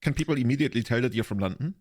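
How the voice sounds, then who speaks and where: A man's voice: mid-range voice, animated, rapid-fire, a little mellow. A man in his thirties from Germany, hosting a casual podcast chat, rambling and laughing often. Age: 30s. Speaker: podcast host.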